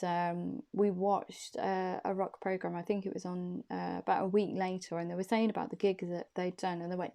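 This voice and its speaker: A woman's voice: on the low side, creaky, dark tone. A woman, a reader chatting casually and laughing at herself as she tells a personal story. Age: young adult. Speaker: intuitive reader.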